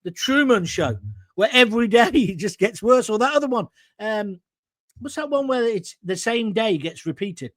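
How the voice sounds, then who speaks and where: A man's voice: sits high, animated, moderate pace, no room sound. A man hosting a talk show, ranting bluntly and sarcastically about politics and answering viewer comments.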